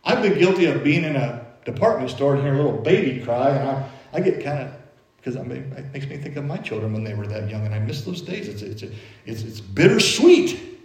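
Middle-aged pastor, chatty down-home sermon delivery, mid-range voice, roomy church sound. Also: male voice, mid-range voice, expressive, fast talker, darkish tone. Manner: conversational, folksy preaching with everyday anecdotes. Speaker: preacher.

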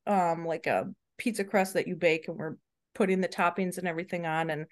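A woman in her thirties co-hosting a podcast, telling funny parenting stories in an animated way and laughing often. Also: lowish voice, a little fast. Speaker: podcast co-host. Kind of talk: casual chat.

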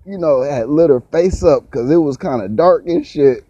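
Profane, animated man telling a story. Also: measured pace, few pauses, no echo, muffled recording. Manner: profane, laughs often, pitch leaps up when excited. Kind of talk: casual storytelling.

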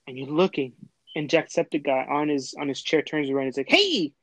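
A man's voice: medium pitch, little pitch movement, a little fast, dry recording, rough recording. A young man from Texas, hosting a casual chat and telling a long, rambling story full of fillers and restarts. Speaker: host.

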